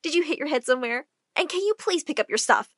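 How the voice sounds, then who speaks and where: A woman voicing a mother in an animated story who speaks in a dismissive, scolding way. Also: high-pitched, fast talker. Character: doting but unfair mother, dismissive.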